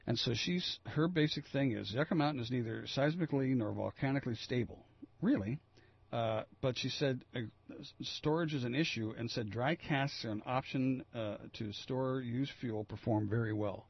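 A man's voice: mid-range voice, normal speed, gravelly, slightly rough, dry recording, lo-fi sound. A man hosting a talk radio show, reading news items and riffing on them in a rambling, opinionated way. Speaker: local radio host. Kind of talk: casual talk radio commentary.

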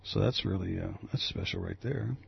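A man's voice: deep voice, normal speed, a little hiss or hum. A man hosting a radio talk show, rambling casually with lots of fillers and restarts. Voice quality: gravelly, husky. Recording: dry, lo-fi radio audio.

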